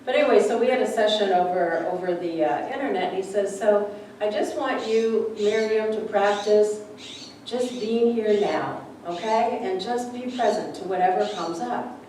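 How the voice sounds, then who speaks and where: A woman minister's chatty sermon, heard from a distant mic in an echoey church sanctuary with faint background noise, is full of stories in which she often acts out other people's voices. She speaks at normal speed in a medium-pitched, darkish voice.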